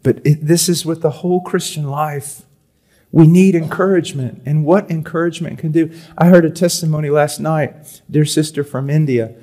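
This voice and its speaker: Male preacher with a slightly high voice; booming readings that drop into soft, intimate asides. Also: steady tone, moderate pace. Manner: swings from loud emphatic reading to quiet confiding tones; repeats words for emphasis. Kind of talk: sermon. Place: church or conference hall.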